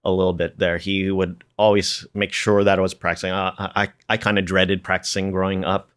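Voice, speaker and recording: A middle-aged man from the Philadelphia area, a piano educator, reminiscing as a podcast guest with many fillers and soft chuckles. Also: low voice, level tone, fairly quick, smooth. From Philadelphia area, United States. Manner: rambling, many fillers, tags sentences with "there"; chuckles through his stories. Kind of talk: casual reminiscing conversation.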